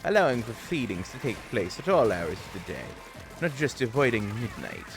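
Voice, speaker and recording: Hammy pirate put on by a male streamer; theatrical drawl, swinging pitch. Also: big pitch swings, normal speed, over music. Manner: old-timey pirate slang, theatrical drawl. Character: hammy swashbuckling pirate, adult man. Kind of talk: playful role-play on a game stream.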